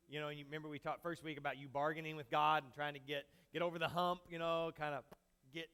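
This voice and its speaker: Male pastor, conversational sermon, handheld mic; a bright, ringing voice sitting a little high, casual and jokey with the room. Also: fast talker, clean tone. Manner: casual, joking, talks straight to the congregation. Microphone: handheld microphone.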